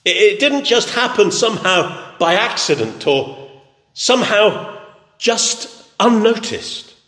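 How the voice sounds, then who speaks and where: A man preaches in a long, echoing hall. His voice sits high and swings widely in pitch. He builds emphasis through steady, repeated phrases. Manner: emphatic, repetitive preaching cadence. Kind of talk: sermon. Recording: echoey hall.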